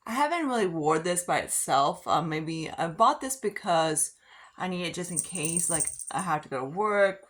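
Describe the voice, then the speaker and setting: Woman vlogger, lowish voice, rambling casual makeup chat, heavy on "like". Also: lively intonation, moderate pace, fairly bright tone. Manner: rambling, filler-heavy, frequent "like". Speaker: beauty vlogger. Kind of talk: casual get-ready-with-me chat.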